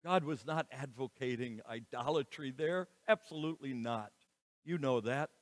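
A man preaching a sermon as pastor, slow and emphatic, with dramatic rises and falls in his voice. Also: medium pitch. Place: church sanctuary. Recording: reverberant church hall.

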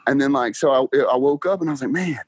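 A young man who works as a car salesman appears as a casual interview guest, speaking at medium pitch in a dry, close recording. Excited and laughing often, he tells stories fast, peppered with "like" and "bro."

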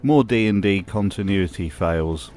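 A man's voice: low-pitched, measured pace, darkish tone, faint music behind. A man narrating a scripted commentary with dry, sarcastic humor. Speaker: video essay host.

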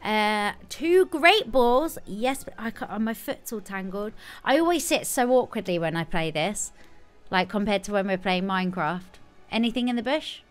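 A woman streaming a video game live, chatting casually with sudden excited squeals. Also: mid-range voice, normal speed, smooth, soft background music. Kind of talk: casual live gameplay commentary.

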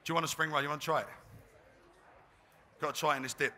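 A man's voice: on the high side, fairly even intonation, fast, bright, forceful tone. A man, a chef giving a live cooking demonstration, chatty and self-deprecating. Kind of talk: live cooking demo talk. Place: trade fair demo stage.

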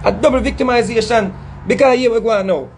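A man's voice: very high voice, fast talker, a little hiss or hum. A middle-aged man with a Jamaican accent, talking in an impassioned monologue, emphatic and scolding, repeating phrases and stumbling over words. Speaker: dancehall artist speaking to his audience.

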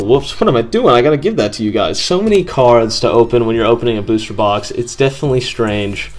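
A man hosting a casual video, chatting excitedly to viewers as he opens packs of cards. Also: mid-range voice. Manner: excited, upbeat, addresses viewers. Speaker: card-opening video host.

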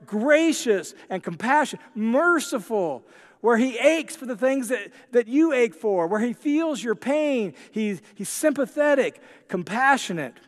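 A man preaching a sermon as pastor, earnest and repetitive, slowing down to stress key words. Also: high-pitched, long reverb tail.

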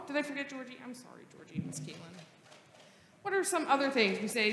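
A woman pastor reading the gospel and then leading a lively, playful children's sermon in church. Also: mid-range voice, brisk, a little hiss or hum. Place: church sanctuary. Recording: roomy church reverb.

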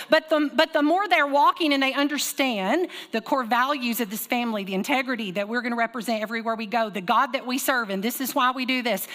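A woman pastor preaching a sermon, telling stories with lively call-and-response. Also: a little high, long reverb tail. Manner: animated storytelling with call-and-response. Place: church sanctuary.

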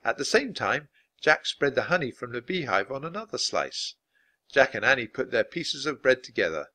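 Male storyteller for a children's book read-aloud, bright and lively, expressive delivery. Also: mid-range voice, normal speed. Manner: expressive, animated narration. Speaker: dad reading aloud.

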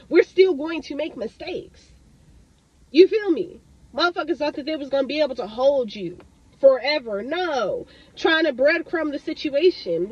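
A high-pitched woman delivers a tarot reading to her audience in a heated, foul-mouthed rush, swearing and stressing every point. The sound is dry and close with no room around it, and the recording is muffled and lo-fi. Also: a little mellow, no room sound. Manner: profane, heated and emphatic, heavy swearing. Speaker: tarot reader.

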